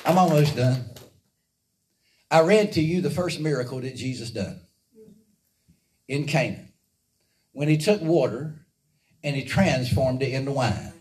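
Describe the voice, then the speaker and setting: A man's voice: medium pitch, unhurried, long pauses, a little mellow. A man preaching a fervent, rhythmic call-and-response sermon to his congregation. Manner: fervent, rhythmic, drives the congregation to repeat after him. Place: church service. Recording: echoey church audio from a distance.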